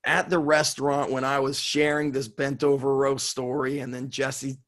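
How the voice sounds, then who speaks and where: Guy coach telling a wild story, fired up and swearing, mid-pitched voice. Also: moderate pace. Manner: excitable, swears, laughs while telling stories. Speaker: strength coach guest. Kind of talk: animated storytelling.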